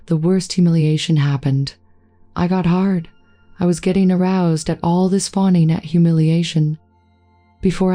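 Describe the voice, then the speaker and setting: A woman reads a first-person story aloud in a low voice. Her tone is mellow and warm, and her delivery is steady and even. Faint music plays beneath her. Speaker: story narrator. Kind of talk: scripted narration.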